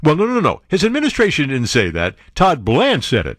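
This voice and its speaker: A man hosting a show, reading news stories aloud and breaking off into sarcastic, animated commentary. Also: a little fast, no room sound, clean studio sound. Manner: animated, sarcastic asides, jumps to high exclamations. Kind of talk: casual political commentary.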